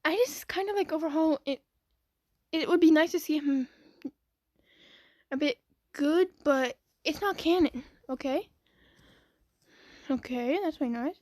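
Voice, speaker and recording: A woman casually reading comments aloud as a video creator, giggly and excitable, laughing often between lines. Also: high-pitched, a little slow, long pauses, dry recording, clean studio sound.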